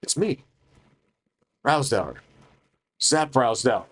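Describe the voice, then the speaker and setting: A man voicing a reluctant male adventurer who speaks calmly and cautiously. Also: mid-range voice, takes it slowly. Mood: earnest.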